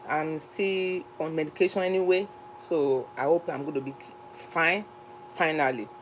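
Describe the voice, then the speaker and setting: A woman's voice: deep voice, steady tone, moderate pace, slight background noise, low-quality recording. A woman from Nigeria with a Nigerian accent, hosting a casual live stream chat and talking in a chatty, repetitive, emphatic way.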